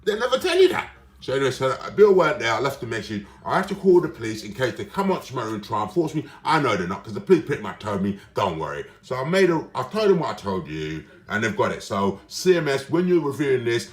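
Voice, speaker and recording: A man's voice: medium pitch, sing-song, fast talker, hardly any pauses. A man, ranting in a rambling, agitated way and swearing, indoors in his room. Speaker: vlogger. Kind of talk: rambling casual monologue. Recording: roomy echo.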